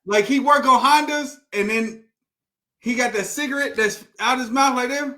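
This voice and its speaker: Man, coach and guest, high and bright, animated storyteller, swears freely. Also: normal speed. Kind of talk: storytelling in a live stream conversation.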